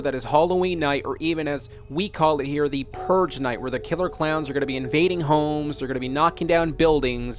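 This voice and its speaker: A man hosting a mock news broadcast, dramatic and emphatic, repeating words for effect. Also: a little high.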